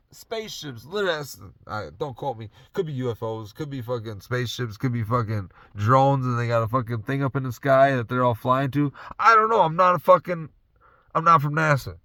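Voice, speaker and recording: A man's voice: medium pitch, bright, forceful tone, no room sound. A young man from Wisconsin rambling casually and profanely about his life while sitting in his parked truck, laughing between thoughts. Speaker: podcast host. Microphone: phone or camera in the truck.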